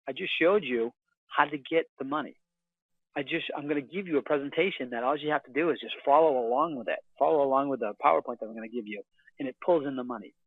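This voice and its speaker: A man telling real estate deal stories as a guest on a phone interview, in an energetic sales-pitch manner from a hotel room. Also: slightly rough, no echo. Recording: tinny dry phone line.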